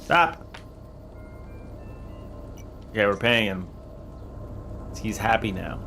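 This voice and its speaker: A man's voice: on the low side, expressive, extremely slow, vocal fry, music in the background. A man streaming a game, joking and laughing often as he talks to chat and scolds his game characters. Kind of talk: casual gameplay commentary.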